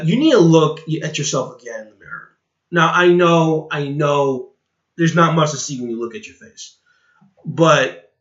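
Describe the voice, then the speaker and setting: A man's voice: fairly high pitch, fairly bright tone. A man ranting in a rambling reaction commentary, sighing and repeating himself. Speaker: online commentator. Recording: roomy, dull lo-fi recording.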